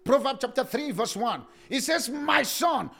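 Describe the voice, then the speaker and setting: A man preaching a sermon with passion, swinging into sing-song cadences and rising to shouts. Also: very high-pitched, expressive, unhurried, creaky.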